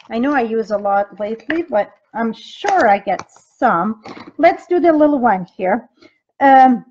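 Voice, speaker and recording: A woman's voice: high voice, darkish tone, dull audio. A woman leading a live-streamed craft demo, chatting straight to her viewers as she works, with loose grammar and frequent ums. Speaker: craft demonstrator and team leader. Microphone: device mic from a live video stream.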